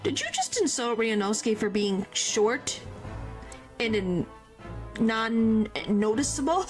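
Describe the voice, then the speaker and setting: A young adult woman streamer chatting casually over gameplay, playful and quick to indignation. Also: fairly high pitch, very animated, faint music behind.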